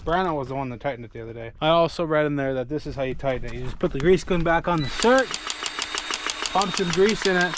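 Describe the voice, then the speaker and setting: A man with a slightly high voice talks his way through a machinery repair in a farm shop. He jokes and pokes fun at himself as he thinks out loud. Shop noise clearly sits behind his voice. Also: expressive, quick pace. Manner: self-deprecating, joking, thinks aloud. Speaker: farm vlogger doing equipment repairs. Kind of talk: casual running commentary while working. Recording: noisy shop background.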